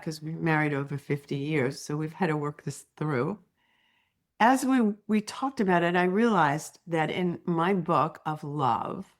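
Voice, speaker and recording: An older woman narrates a slideshow lesson in a notably low voice. She teaches by telling stories from her own life, relaxed and conversational. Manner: warm storytelling with personal anecdotes. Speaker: EFT tapping teacher. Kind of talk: presenting a slideshow talk.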